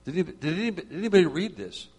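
A man's voice: high-pitched, lively intonation, very fast, a little mellow, slightly rough. Fervent man leading a church group. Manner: conversational, grows fervent and preachy, repeats phrases. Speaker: group leader. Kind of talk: church small-group sharing.

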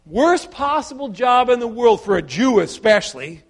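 A middle-aged man preaching a sermon, earnest and halting, full of restarts and repeated words, putting questions to his listeners. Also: very high voice, big pitch swings.

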